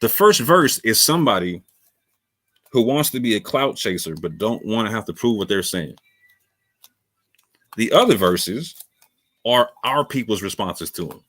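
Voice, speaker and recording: A man's voice: lowish voice, sing-song, unhurried, long pauses, fairly bright tone. A man giving a heated, slangy video response, repeating himself for emphasis. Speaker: online commentator. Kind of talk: casual video rant.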